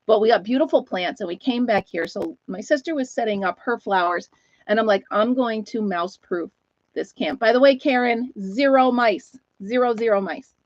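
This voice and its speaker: Hosting a laid-back live chat stream, this talkative woman wanders through stories and stops to say hi to viewers by name. Her voice sits on the high side, recorded close and dry with no surrounding room, in slightly dull lo-fi quality.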